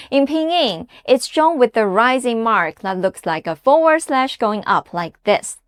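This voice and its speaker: A woman with a high voice that leaps up and down as she narrates a scripted beginner language lesson. She sounds upbeat and encouraging and says each example word slowly and clearly. Her voice is recorded dry and close, with no room sound around it. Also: no echo. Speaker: language teacher.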